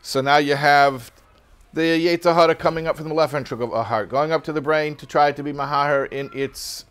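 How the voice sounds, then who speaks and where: A man's voice: fairly high pitch, fairly even intonation, a little fast, fairly bright tone, smooth. Casual joking male teacher. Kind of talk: religious text class.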